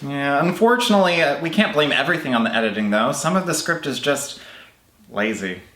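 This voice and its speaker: Sardonic male reviewer, lively pitch. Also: fast talker, reverberant, slight background noise. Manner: sardonic, critical. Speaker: film review co-host. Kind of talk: scripted review commentary.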